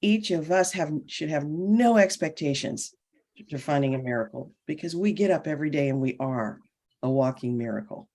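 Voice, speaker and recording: A woman's voice: sits low, expressive, normal speed, dark tone. Middle-aged woman telling a story. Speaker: panel guest. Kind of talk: casual panel talk, storytelling.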